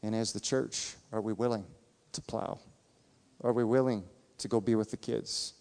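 A man's voice: on the low side, fairly even intonation, normal speed, creaky, a little mellow. A man preaching a sermon as a pastor, earnest and emphatic, repeating his points for weight. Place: church sanctuary. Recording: reverberant church hall.

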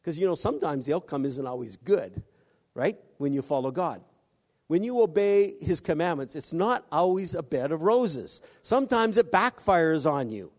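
A man preaching a sermon, halting often with restarts and acting out quoted voices. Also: fairly high pitch, lively intonation. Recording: long hall reverb.

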